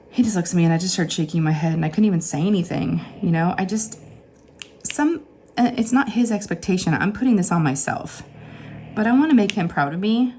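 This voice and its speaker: A woman in her forties speaks in a low, deeper register and retells a personal story in a loose, candid, emotional way. She talks from her home craft room as a craft channel host. There is a faint hiss of room noise behind her. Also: mellow.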